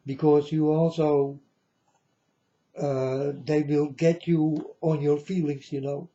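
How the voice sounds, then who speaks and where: A man's voice: a little high, little pitch movement, takes it slowly, mellow, dull audio. Earnest man warning his folks. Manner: repetitive, earnest, addresses listeners as folks. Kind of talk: rambling spoken warning to viewers.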